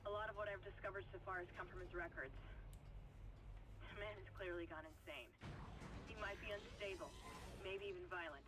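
A man's voice: high voice, steady tone, brisk, pauses often, close to an everyday voice. An actor playing a wary male crew member in a game, giving clipped, matter-of-fact lines over a radio transmission. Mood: grim, wary. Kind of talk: voiced game dialogue. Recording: radio transmission with clear noise.

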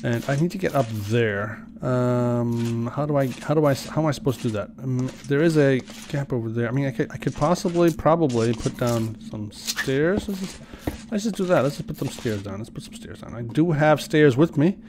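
Man, mid pitch, casual let's-play commentator, rambling and friendly with the game characters, faint hiss. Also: moderate pace. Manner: chatty, talks to game characters.

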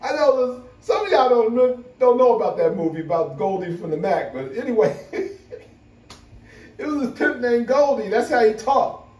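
A man chatting casually to camera as a vlogger, animated and laughing often. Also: very high voice, moderate pace, highs cut off. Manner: animated, laughing, full of "you know". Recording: roomy, from a distance.

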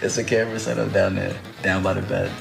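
A man's voice: deep voice, little pitch movement, fast, creaky. A man pranking his partner on camera, speaking in a teasing, laid-back way. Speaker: prank video creator. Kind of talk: casual couple prank video. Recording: echoey, distant, loud music over it. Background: loud background music.

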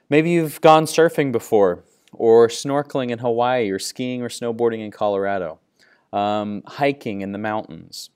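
Low-voiced teacher, smooth and friendly. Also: male voice, darkish tone. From Midwestern United States. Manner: friendly, upbeat, loose and conversational with many fillers. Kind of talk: classroom lecture.

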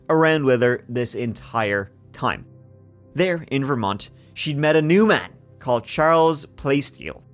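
A man co-hosting a podcast, telling a true-crime story in a casual, joking way. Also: medium pitch. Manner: joking, laughs between story parts. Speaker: podcast co-host.

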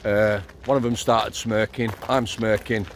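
Unhurried and level, his voice on the low side, a middle-aged former prison officer from Yorkshire casually tells blunt stories on a night walk outdoors. He swears freely and stays matter-of-fact; a little hiss or hum is audible.

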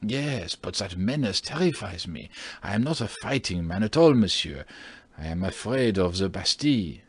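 Timid, fawning landlord in an audiobook, husky and hesitant, read by a man. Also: lowish voice, expressive, no echo. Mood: nervous. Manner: slow, hesitant speech with fillers. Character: timid middle-aged male landlord, fearful, fawning.

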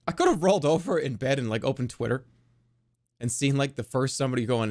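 Excitable lively-voiced male streamer. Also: mid-range voice, fast. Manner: excitable, rambling and incredulous. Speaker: livestreamer. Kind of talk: casual stream chat.

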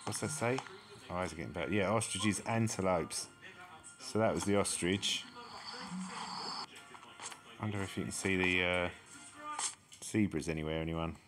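Over music, a gaming channel host with a low voice talks at normal speed, pausing often. He's casually commenting on a game map as he explores it, exclaiming at each new find.

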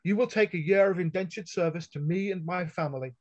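A man voicing a bold young noblewoman who speaks in a high, clear, firm voice while reading a story aloud. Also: brisk, lightly acted. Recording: dull lo-fi online call audio.

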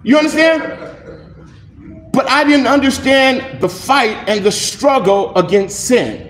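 A male pastor preaching a sermon in an animated, conversational way, acting out little dialogues. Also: very high voice, measured pace, roomy sound, slight background noise. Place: church.

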